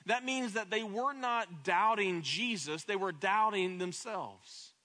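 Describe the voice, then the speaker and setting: A man's voice: high-pitched, slow pace, pushed and bright. A man preaching a sermon as pastor, impassioned, often repeating words as he builds up.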